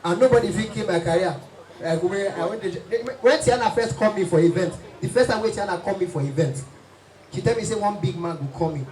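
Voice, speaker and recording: A man with a Nigerian accent doing stand-up comedy at a party, lively and playful, switching into many voices. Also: sits high, fast. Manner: lively, does many voices and sing-song bits. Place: event hall. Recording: echoey hall from far off, music behind.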